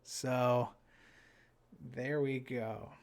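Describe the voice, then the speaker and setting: A man's voice: medium pitch, fairly even intonation, drawn-out words, darkish tone, clear, resonant tone. A young man with a New Jersey accent giving chatty, casual live-stream commentary on a card game. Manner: casual, chatty, with frequent fillers and restarts.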